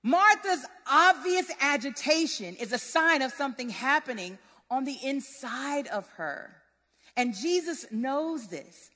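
A woman preaching a sermon in a lively, conversational, relatable way. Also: high-pitched, a little slow. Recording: long hall reverb.

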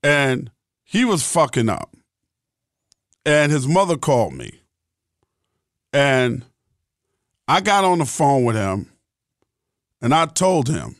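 A man's voice: fairly high pitch, expressive, a little slow, pauses often, no echo, studio quality. A middle-aged man hosting a podcast, talking in a blunt, profane and emphatic monologue. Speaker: podcast host.

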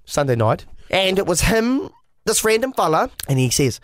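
A man's voice: high-pitched, normal speed, dry recording, clean studio sound. A man with a New Zealand accent hosting a podcast in casual, sweary, matey chat. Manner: sweary, animated and matey, calls people bro. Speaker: podcast host.

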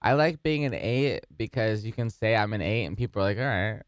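Smooth-voiced joking male comedian. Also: on the low side, expressive, fairly quick, no room sound, clean studio sound. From San Diego area, USA. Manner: joking, self-mocking. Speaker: comedian guest. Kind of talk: casual podcast chat.

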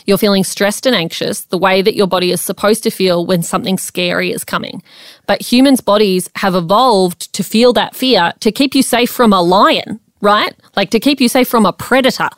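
A woman's voice: mid-range voice, no echo, studio quality. A woman co-hosting a podcast, giving an earnest, coaching pep talk straight to listeners. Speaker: podcast co-host.

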